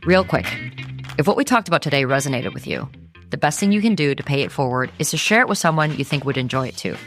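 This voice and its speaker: A woman's voice: sits low, expressive, a bit bright, soft background music. Woman host reading a podcast outro. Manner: friendly, measured, reads a scripted outro.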